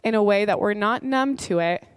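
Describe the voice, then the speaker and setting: A woman in her thirties preaching a sermon in an earnest, conversational storytelling manner, with heartfelt warmth. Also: mid-range voice, moderate pace, smooth, dry recording, clean studio sound. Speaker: pastor.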